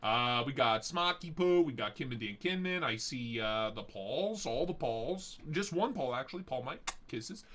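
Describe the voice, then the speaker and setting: A man's voice: mid-range voice, lively intonation, normal speed, hardly any pauses, a bit bright. A man hosting a casual live stream, rambling and joking with a profane edge. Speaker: livestream host.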